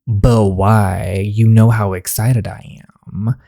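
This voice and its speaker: A woman voicing a frustrated, sharp-tongued teenage princess in a story game, reading the lines plainly. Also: extremely low pitch, fairly even intonation, slow, creaky, no room sound, clean studio sound, exaggerated voice. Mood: upset. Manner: reads the lines plainly while playing.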